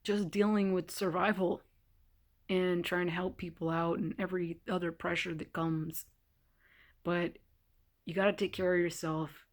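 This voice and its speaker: A woman's voice: lowish voice, flat delivery, measured pace. A young woman venting to her viewers in a loose, unscripted vlog. She sounds exasperated and candid, breaking into laughs and then dropping into heavy sighs as she talks. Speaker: vlogger. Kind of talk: casual vlog monologue. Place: temporary hotel stay during a winter storm.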